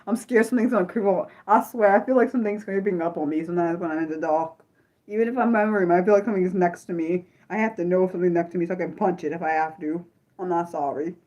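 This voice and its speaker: A young woman hosting an unscripted livestream, chatting to her viewers with animated restarts and repeated exclamations, easily spooked. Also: medium pitch, dull audio. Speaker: livestream host. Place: her room.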